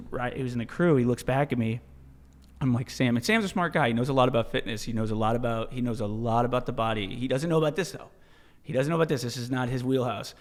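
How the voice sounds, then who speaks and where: A man telling a story as a podcast guest, in a casual, animated way, swearing freely and restarting his sentences often. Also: mid-range voice. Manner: animated, profane, many restarts and "dude". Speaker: podcast guest, ultra-marathon runner.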